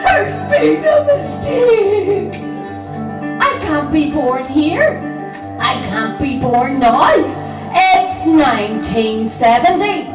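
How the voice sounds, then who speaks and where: A woman's voice: high voice, big pitch swings, slow pace, over music, full character voice. Northern irish woman doing a freaked out baby who doesnt want to be born, pleading and wailing, mic far off in an echoey room. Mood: frantic. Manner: dramatic, pleading, half-sung outbursts. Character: panicked newborn baby refusing its birthplace. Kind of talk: sung and spoken performance piece. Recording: roomy live hall, distant mic, harp.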